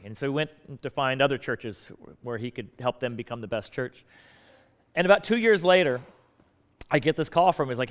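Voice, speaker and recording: A man's voice: a little high, lively intonation, brisk, clear, resonant tone. A male pastor preaching a sermon in a conversational way, acting out bits of dialogue. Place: church sanctuary. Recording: long hall reverb.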